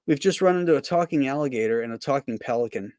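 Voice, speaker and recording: Brief: deadpan comic-strip sidekick , as a man voices him, uneasy and dry, close sound with no room. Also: medium pitch, fast, no echo, close to an everyday voice. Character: worried, dry male castaway sidekick.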